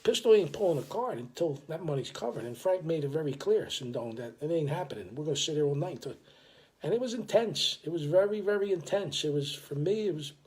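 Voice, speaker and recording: Older man, animated storyteller. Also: a little high, fairly quick. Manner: animated, profane, full of restarts. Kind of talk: casual storytelling.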